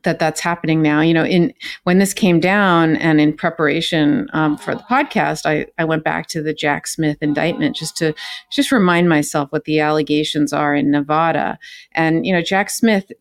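A woman's voice: low voice, moderate pace, no room sound, studio quality. A woman from California co-hosting a legal podcast as a former prosecutor, explaining cases conversationally with frequent fillers and "right?" tags. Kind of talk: casual legal podcast chat.

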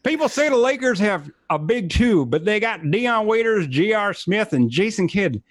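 A man's voice: high-pitched, big pitch swings, moderate pace, no echo, clean studio sound. A man guesting on a podcast, reading jokes aloud and laughing through his lines while mocking himself. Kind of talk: casual chat, reading jokes.

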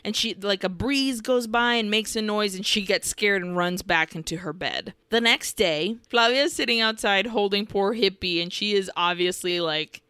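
A woman podcast co-host telling a film plot in casual chat, animated and swearing freely. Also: mid-range voice, moderate pace, few pauses, clean tone, no room sound. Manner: animated storytelling with swearing and acted quotes.

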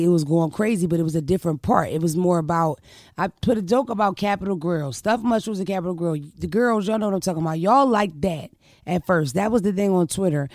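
A young adult woman hosting a podcast, telling her story in a casual chat. She speaks in a brash, profane, animated way. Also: fairly low pitch, no room sound, studio quality. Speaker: podcast host.

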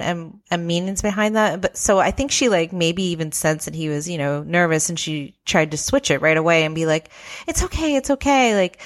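Animated woman co-host, lowish voice. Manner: animated, acts out quotes in high squeaky voices. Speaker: podcast co-host. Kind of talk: casual chat reviewing a reality show.

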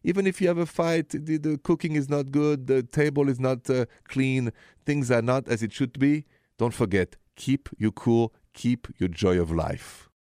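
A man hosting a call-in relationship advice radio show, giving calm, gentle advice. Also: mid-range voice, moderate pace, clear, resonant tone, no echo, clean studio sound.

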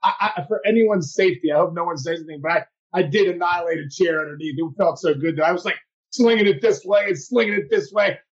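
A man co-hosting a podcast, telling sports stories in a casual, animated way, laughing and acting out his own reactions. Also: high voice, fast talker, muffled recording. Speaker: podcast co-host, former player. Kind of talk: casual storytelling chat.

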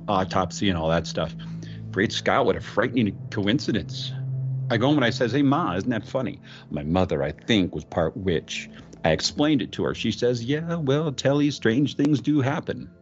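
A man with a low voice retells a ghost story with theatrical flair. He stumbles and repeats words, then jumps up in pitch on exclamations, half channeling a famous actor. The sound is muffled and lo-fi, with soft music underneath. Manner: slipping in and out of a celebrity impression; halting, repeats words, sudden high exclamations.

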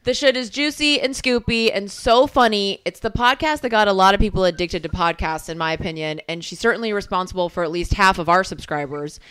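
A woman's voice: mid-range voice, a little fast, hardly any pauses, a bit bright, smooth. A woman co-hosting a podcast in casual chat, brash and profane, teasing her partner. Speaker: podcast co-host.

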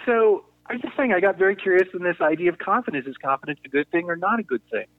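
A man's voice: high-pitched, fast talker, no echo. Man explaining over a tinny line. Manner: thoughtful, explanatory, with frequent restarts. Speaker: guest, negotiation consultant. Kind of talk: conversational podcast interview. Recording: tinny phone-line audio.

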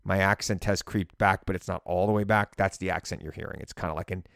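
A man's voice: sits low, steady tone, fast, creaky, fairly bright tone, no echo, studio quality. A middle-aged man with a light Long Island accent hosting a podcast, giving political commentary in a conversational, wry way. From Long Island, New York. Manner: conversational, wry, asides to listeners. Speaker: podcast host.

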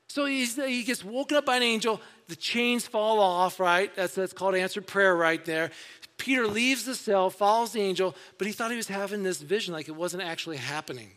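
Male pastor, casual storytelling sermon, high bright voice, long hall echo. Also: normal speed. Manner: conversational storytelling, acting out voices.

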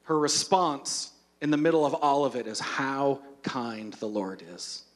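A man preaching a sermon as a pastor, retelling scripture with humor and lively storytelling. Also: mid-range voice, a little slow.

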